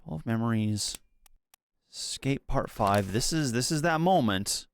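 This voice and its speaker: A man's voice: medium pitch, animated, a little slow. A man streaming a game, thinking aloud in casual commentary with mild swearing. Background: loud game music.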